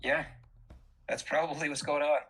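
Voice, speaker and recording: A man's voice: on the high side, little pitch movement, normal speed, fairly bright tone, husky, poor audio. A man co-hosting a podcast in casual chat, explaining things in a matter-of-fact way. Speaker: podcast co-host.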